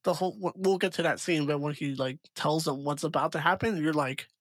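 A man in casual podcast chat, recapping a plot in a relaxed, hesitant way with many fillers. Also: on the high side, fairly quick, dry recording.

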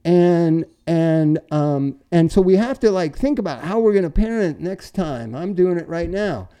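A middle-aged man hosting a casual chat, telling loud, profane, animated road stories. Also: on the high side, a little slow, clear, resonant tone. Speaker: podcast co-host.

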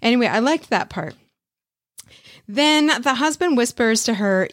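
A woman's voice: on the high side, expressive, a little slow, dry recording, studio quality. A woman hosting her own podcast, chatting casually and bluntly, swearing freely and laughing often. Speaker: podcast host. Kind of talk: casual solo review chat.

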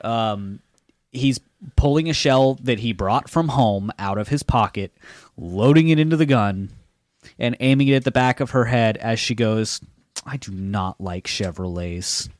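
A man co-hosting a podcast, chatting casually and retelling scenes in an animated way, with frequent swearing. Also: mid-range voice, normal speed, dry recording. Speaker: podcast co-host. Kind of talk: casual chat.

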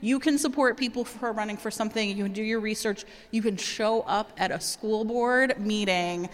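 A woman co-hosting a live podcast show on stage, chatty and quick with asides and laughs. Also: medium pitch. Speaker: podcast co-host. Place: large hall with live audience. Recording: long hall reverb, audience crowd.

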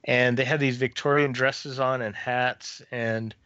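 A man's voice: medium pitch, fairly even intonation, a little slow, sharp tone, smooth, no echo, dull audio. A man, a former theme park custodial worker, telling a personal ghost story in a casual interview, with many restarts and fillers.

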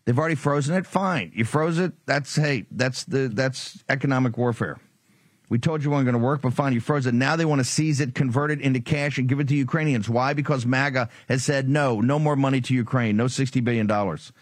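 A man's voice: mid-range voice, fairly quick, no room sound, clean studio sound. A man hosting a political talk show, delivering a combative, taunting monologue full of sarcasm.

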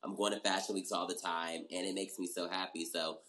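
A man's voice: deep voice, level tone, a little fast, bright, forceful tone, rough recording. A young man as an interview guest, animatedly telling his story and acting out his own past reactions. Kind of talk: casual interview chat.

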